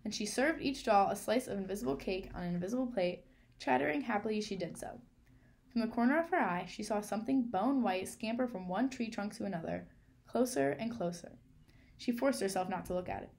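A woman reading a children's novel aloud in a clear, measured storytelling manner. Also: mid-range voice, expressive, a little mellow. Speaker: reader.

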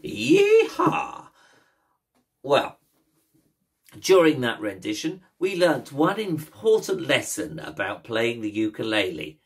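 Cheeky, slow-talking male ukulele teacher. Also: medium pitch, very animated. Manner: cheeky, playful, jokey. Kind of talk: casual instructional talk.

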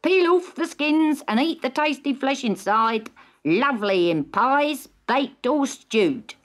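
A woman's voice: sits high, animated, takes it slowly, voice pushed up. A woman voicing a market stallholder crying out his wares in a storybook reading. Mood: hawking. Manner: loud hawking cries. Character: brisk market stallholder, man.

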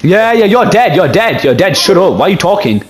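A man's voice: high-pitched, very animated, a little fast. A young man, teasing and laughing through casual gaming banter. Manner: teasing, laughs a lot, repeats himself. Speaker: gaming YouTuber. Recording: echoey room with music playing. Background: game music.

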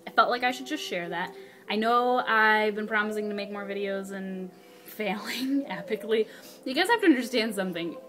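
A young woman chatting casually to her camera in her apartment, excitable and bubbly, with casual swearing. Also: mid-range voice, moderate pace, faint music behind. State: hyper and spazzy. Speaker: vlogger. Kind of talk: casual vlog chat. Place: apartment living room. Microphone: handheld camera.

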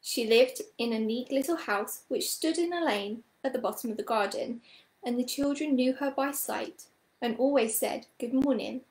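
A woman reading a children's story aloud, in a gentle, clear storybook manner. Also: on the high side, normal speed, echoey room.

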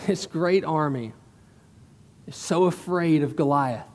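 High-voiced pastor preaching in a hall. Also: male voice, takes it slowly, a little mellow. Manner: conversational storytelling, emphatic asides. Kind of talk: sermon. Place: church sanctuary.

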